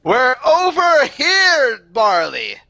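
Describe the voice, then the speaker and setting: A man's voice: medium pitch, huge pitch swings, takes it slowly, bright, forceful tone, no room sound, full character voice. A man voicing a male fantasy adventurer in a tabletop game, calling out to a lost companion. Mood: shouting.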